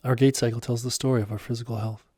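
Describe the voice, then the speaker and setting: A calm, wise male mentor in an audio story, as a man narrator puts him on, speaking slowly and serenely with a gentle teasing edge. The voice is mellow and warm, and the recording is close and dry with no room sound. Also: medium pitch, slightly rough, no echo, lightly acted. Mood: explaining.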